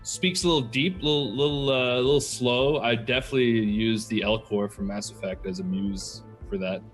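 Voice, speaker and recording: A man, a player on the show, giving an upbeat, quick sign-off. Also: medium pitch, fairly even intonation, soft background music. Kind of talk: casual sign-off.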